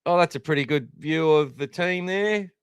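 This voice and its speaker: In a dry, studio-quality recording, an Australian podcast host with a slightly high, clean-toned voice and moderate pace rambles through casual live sports chat, making fun of himself as he goes.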